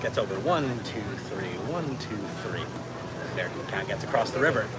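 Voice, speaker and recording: A man's voice: on the low side, lively intonation, brisk, over loud music. A man co-hosting outdoors at a theme park, telling a joke in a dry, self-mocking way. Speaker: co-host. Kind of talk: casual chat. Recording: loud crowd and outdoor noise.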